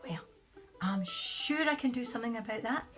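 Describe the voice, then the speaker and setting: Woman playing a cheery storybook goldfinch, high and lively, reassuring, faint guitar behind. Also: moderate pace, lightly acted. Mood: cheerful. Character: helpful cheerful goldfinch bird.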